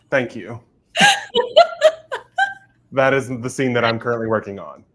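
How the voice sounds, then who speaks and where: A man's voice: medium pitch, slow pace, long pauses, sharp tone. A man hosting a casual writing livestream, chatty and giggling often. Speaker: livestream host and writer.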